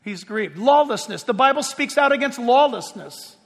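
High-voiced man preaching a sermon. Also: animated, normal speed, gravelly. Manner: emphatic preaching, swinging from loud to hushed. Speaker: pastor. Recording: long hall reverb.

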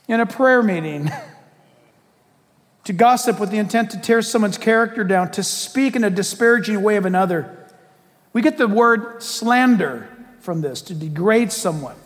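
A man with a high voice preaches a lively sermon, jumping between earnest exhortation and playful, acted-out asides. His voice rings out through a large hall with a long, trailing reverb. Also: normal speed. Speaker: pastor.

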